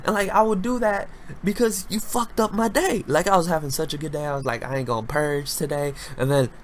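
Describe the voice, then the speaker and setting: A young man hosting a casual solo podcast, talking loudly with lots of slang and swearing, jumping between high-pitched bursts and low mutters. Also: fairly quick, slight background noise. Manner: loud, animated, slangy, swears freely. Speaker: podcast host.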